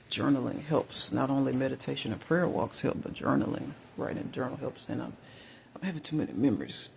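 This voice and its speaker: A man's voice: mid-range voice, creaky, a little mellow, slight background noise. A man from Mississippi, telling rambling personal stories full of fillers and restarts. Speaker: vlogger.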